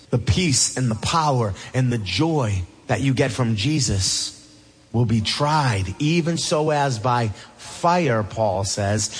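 A man preaching a sermon with passion, dropping low and soft and then rising loud. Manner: impassioned preaching, swings between hushed and loud. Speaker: pastor.

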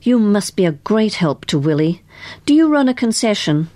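A woman voicing a polite, inquisitive woman detective who asks gentle, probing questions. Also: medium pitch, big pitch swings, normal speed, voice pushed up, close to an everyday voice. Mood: inquiring.

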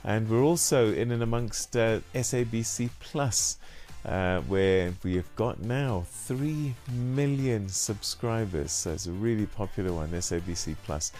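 A man hosting a live morning radio show from the studio. His voice sits fairly low, and his delivery is easy and conversational, dotted with little "uh"s as he runs through announcements. A soft music bed plays behind him. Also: unhurried, few pauses. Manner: relaxed, chatty, with frequent "uh" fillers.

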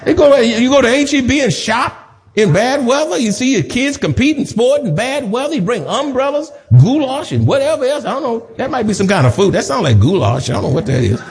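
A man's voice: very high voice, big pitch swings, brisk, creaky. A male pastor preaching a sermon, building emphatic repetitions and slipping in humorous asides. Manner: rhythmic repetition, rising to emphatic peaks. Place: church sanctuary.

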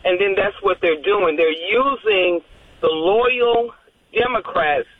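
A woman's voice: mid-range voice, slow pace. A woman calling in to a radio show, rambling and losing her train of thought. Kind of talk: call-in phone conversation. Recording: tinny phone line.

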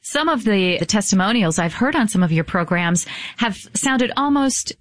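A woman's voice: medium pitch, lively intonation, moderate pace, fairly bright tone, no room sound, studio quality. A woman hosting a sponsored talk program, speaking in an enthusiastic, promotional way. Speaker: host. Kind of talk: scripted talk-show host.

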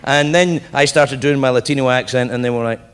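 A man doing a stand-up comedy set, telling stories in animated fashion and slipping into put-on voices. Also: mid-range voice, a little fast. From England. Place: large comedy venue with live audience. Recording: echoey hall, noisy crowd.

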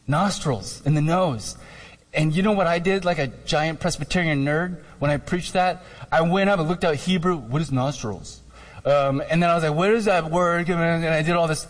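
Male pastor, chatty animated preaching, slightly high voice, church-hall echo. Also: moderate pace. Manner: conversational, animated, jokey asides. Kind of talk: sermon. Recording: long hall reverb.

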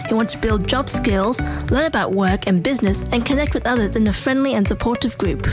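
A woman reading a scripted community announcement in a clear, even way. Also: on the high side, fairly quick. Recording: voice over loud music bed.

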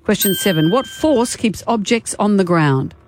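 A woman's voice: medium pitch, expressive, noisy background. Encouraging Australian woman quiz host. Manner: warm, encouraging, brisk question reading. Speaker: radio host, quiz master. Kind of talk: radio quiz hosting. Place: radio studio.

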